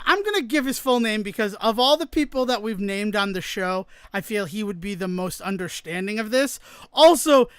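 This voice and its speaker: High-voiced man telling a story animatedly. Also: smooth, no room sound. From New England, United States. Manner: animated storyteller, acts out quoted dialogue. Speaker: podcast co-host. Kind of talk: casual storytelling chat.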